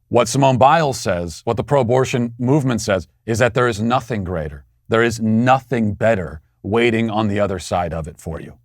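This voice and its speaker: A man in his thirties delivers a political commentary monologue as the host, sarcastic and indignant. His voice sits at an ordinary middle pitch. The sound is close and dry, with no room echo.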